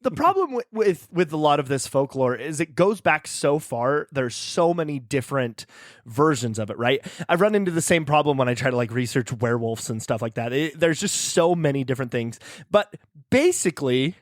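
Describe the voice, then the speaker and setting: A man's voice: fairly high pitch, animated, moderate pace, no echo, studio quality. A man co-hosting a casual podcast, explaining folklore in a playful, loose way with laughs. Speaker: podcast co-host. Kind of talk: casual chat with lore explanation.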